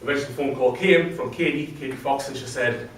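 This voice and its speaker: A man's voice: mid-range voice, fast talker, a little hiss or hum. A man telling his own story to a live audience, chatty and self-deprecating. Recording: very echoey room from a distant mic, faint ambience.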